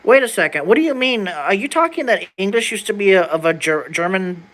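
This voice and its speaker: Bright, slangy young streamer sounding words out. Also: medium pitch, expressive, a little fast, rough recording. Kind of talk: casual livestream chat while reading an old document aloud.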